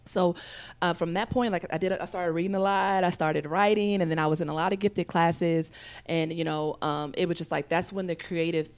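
A woman telling a long personal story as a podcast guest, rambling with fillers and acting out other people's voices with big jumps in pitch. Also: steady tone, normal speed, clear, resonant tone. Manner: talks in rambling runs with many fillers.

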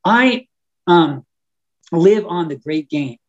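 A man's voice: fairly high pitch, lively intonation. Fervent preaching man, dull lo-fi audio. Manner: fervent and emphatic, stretching key words slowly; frequent stumbles and repeated words. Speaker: author and Christian guest on a podcast. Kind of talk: preaching-style conversational talk.

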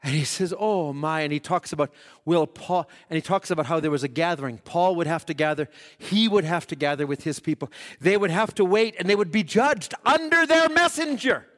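A man preaching a sermon who swings between shouted peaks and hushed, drawn-out passages, telling stories with quoted voices. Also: a little high. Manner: dramatic storytelling with quoted voices.

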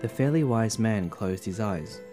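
A man reading his own short story aloud as a storyteller in a gentle storytelling manner. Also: lowish voice, lively intonation, a little slow, faint music behind. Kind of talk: scripted narration of a story.

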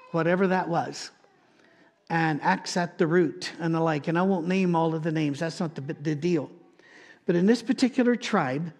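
A man's voice: on the high side, a little mellow. A man preaching a sermon, telling a childhood story in a wry, conversational way.

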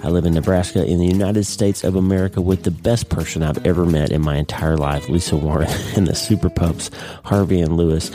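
A man's voice: low-pitched, steady tone, fairly quick, dark tone, soft background music. A middle-aged man hosting a podcast, talking earnestly off the cuff with frequent restarts. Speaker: podcast host, neurosurgeon. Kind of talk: casual unscripted podcast monologue.

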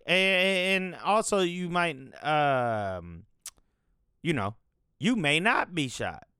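A man's voice: on the high side, fairly bright tone, smooth, no echo, clean studio sound. A man hosting a podcast, talking in a loose, profane, rambling way as he thinks aloud. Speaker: podcast host. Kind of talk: casual rambling commentary.

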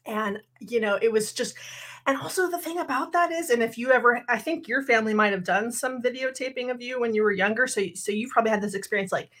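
A woman's voice: fairly high pitch, fast, fairly bright tone. A middle-aged woman co-hosting a podcast, chatting casually with frequent laughs and rambling restarts. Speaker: podcast co-host. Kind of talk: casual chat.

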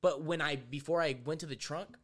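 A man's voice: a little high, fairly quick. A young man chatting casually on a podcast, cursing constantly and acting out people's voices as he tells stories. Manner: profane, animated storyteller, acts out voices. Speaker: podcast co-host.

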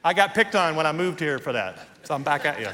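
A man's voice: a little high, animated, fast talker, pushed and bright, long reverb tail, slight background noise. A man preaching a sermon as pastor, telling a story and then leading prayer, from Texas. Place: church sanctuary.

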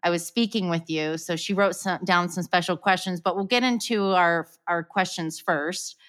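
Low, smooth-voiced woman host. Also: moderate pace. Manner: laughs often, reads questions in a steady way. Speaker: podcast host. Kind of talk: casual interview, reading out questions.

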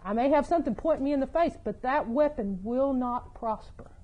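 High-voiced woman preaching a sermon. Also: normal speed, lo-fi sound. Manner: storytelling, rising to loud excited bursts.

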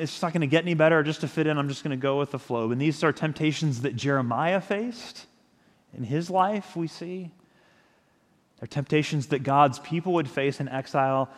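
A man preaching a sermon as pastor, speaking in a reflective, conversational way with small restarts. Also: on the high side. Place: church sanctuary. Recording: long church-hall reverb.

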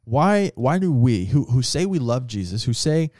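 A man's voice: mid-range voice, sing-song, normal speed, warm tone, dry recording, clean studio sound. A man co-hosting a casual faith podcast, asking searching questions. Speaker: podcast co-host.

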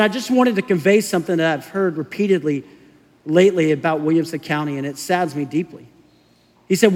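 A middle-aged man preaching a sermon as pastor, telling stories in a casual, conversational way with quick acted asides. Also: sits high, darkish tone. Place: church sanctuary. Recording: long hall reverb.

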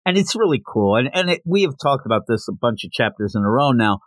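A man's voice: mid-range voice, sing-song, quick pace, no echo. A man hosting a casual podcast, recapping a comic chapter in a chatty, slangy way and reading characters' lines aloud. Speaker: podcast host.

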